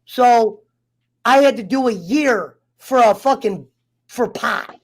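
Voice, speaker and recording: A man's voice: very high voice, slow. A man telling a personal story in casual chat, heated and profane, getting fired up as he talks. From United States. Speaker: round table guest.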